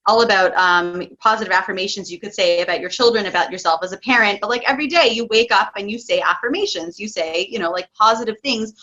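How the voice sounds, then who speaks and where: A woman coaching parents in a casual interview, chatty and excitable, laughing often. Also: medium pitch, muffled recording.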